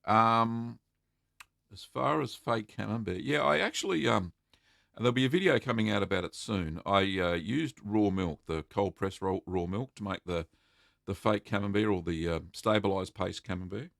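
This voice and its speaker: Chatty Australian man, deep gravelly voice. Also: moderate pace, fairly bright tone, dry recording, clean studio sound. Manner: chatty and rambling, reading out names with many fillers. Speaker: host answering viewer questions. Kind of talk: casual live-stream chat.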